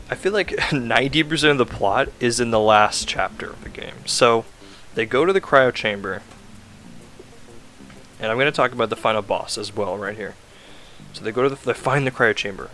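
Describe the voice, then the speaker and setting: A man's voice: medium pitch, fairly bright tone. A man casually rambling through a recap of a video game plot, full of "like" fillers and self-corrections.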